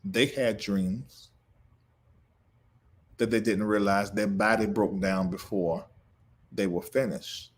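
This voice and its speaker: A man hosting a livestream speaks slowly in a lowish, steady voice, pausing often. He talks to viewers emotionally, like a preacher, laughing through grief as he reads their comments aloud and greets them.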